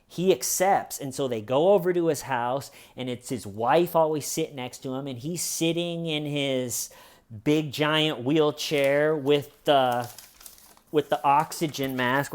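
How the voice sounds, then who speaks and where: A man hosting a comedy true crime show, telling a story in a mocking, animated way. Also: fairly high pitch, moderate pace. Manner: mocking, animated, puts on silly voices in quotes.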